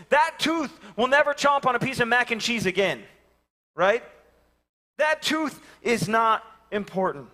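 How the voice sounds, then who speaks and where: A man, preaching a sermon and telling lively personal stories, acting out the voices of the people in them. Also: high-pitched. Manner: animated storytelling, acting out voices. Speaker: pastor. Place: church sanctuary.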